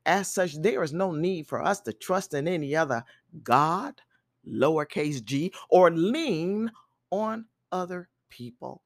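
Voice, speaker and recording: A woman evangelist delivering a measured, emphatic sermon and closing her podcast episode as host. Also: fairly low pitch, expressive, dry recording, clean studio sound. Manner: measured, emphatic preaching that stresses key words. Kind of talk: recorded sermon with podcast sign-off.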